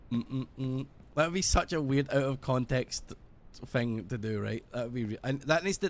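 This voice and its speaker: A British man rambles through a casual game-stream chat, swearing freely. His pitch rises and falls constantly as he talks. There is a faint hiss of noise behind him. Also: animated, moderate pace.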